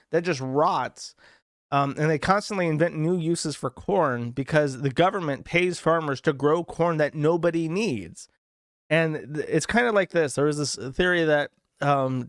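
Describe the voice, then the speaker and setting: A male streamer with a voice a bit higher than most men's, talking in a loose, sardonic way. His commentary rambles along, full of asides and fillers, and the sound is dry and close to the mic. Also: no echo. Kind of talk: casual commentary reading posts.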